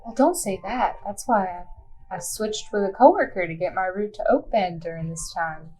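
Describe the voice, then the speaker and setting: A woman's voice: medium pitch, normal speed, mellow, soft background music, voice pushed down, natural voice, poor audio. A woman player voicing a cheerful, chatty mail carrier in a tabletop game, bubbly and laughing often.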